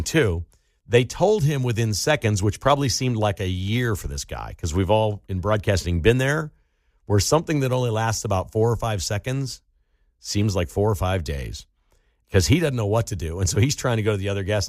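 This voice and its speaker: Animated male talk radio host. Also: no room sound, clean studio sound. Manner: animated storytelling with sudden rises in pitch. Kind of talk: casual talk radio monologue.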